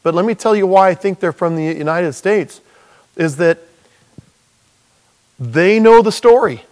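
Animated high-voiced man preaching. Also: measured pace. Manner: animated, acts out dialogue, jokey asides. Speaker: pastor. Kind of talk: sermon.

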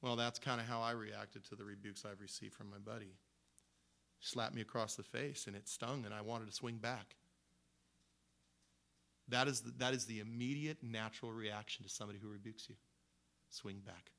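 A man's voice: fairly low pitch, fairly even intonation, moderate pace, creaky, pauses often, bright, forceful tone. A man preaching a sermon in a conversational, storytelling way, with frequent restarts. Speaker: pastor.

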